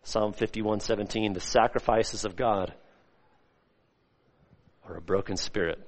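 A male pastor preaching a sermon, swinging between loud, rising emphasis and soft, hushed lines. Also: lowish voice, fairly even intonation, a little slow. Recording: long hall reverb.

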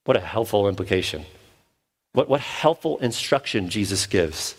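A man's voice: fairly low pitch, very animated, moderate pace. A man, a pastor, preaching an earnest sermon and now and then acting out the voices of the people he quotes.

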